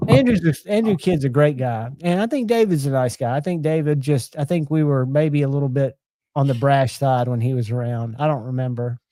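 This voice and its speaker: A man's voice: mid-range voice, a little fast, dark tone, no room sound. A man, chatting casually and enthusiastically as host of a live knife show.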